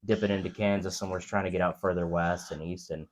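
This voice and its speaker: A man's voice: low voice, level tone, fast talker, a little hiss or hum. Man around thirty, podcast co-host, laid-back, lots of fillers, crude casual chat.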